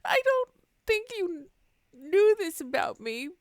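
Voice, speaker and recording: A woman's voice: big pitch swings, slow, no room sound, full character voice. A woman voicing a grieving middle-aged man who sobs and whimpers as he tells his story. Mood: mournful. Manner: whimpering, tearful, high and wavering. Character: grieving middle-aged man sobbing over dead wives.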